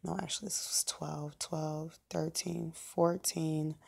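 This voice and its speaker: A woman's voice: low-pitched, flat delivery, takes it slowly, gravelly, a little mellow, husky. A woman talking casually on a phone livestream as a prayer minister, meandering with lots of fillers and asides.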